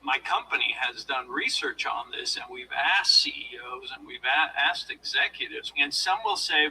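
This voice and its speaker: A former law enforcement officer giving a motivational lecture, coaching his audience in a deliberate, demonstrative way, recorded from a distance. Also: mid-range voice, lively intonation, sharp tone, a little hiss or hum.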